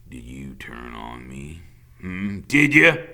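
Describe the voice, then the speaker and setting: A man voicing a cold, volatile convict father who drawls low and then barks loud threats. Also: wildly swooping pitch, takes it slowly, a little hiss or hum, exaggerated voice. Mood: menacing.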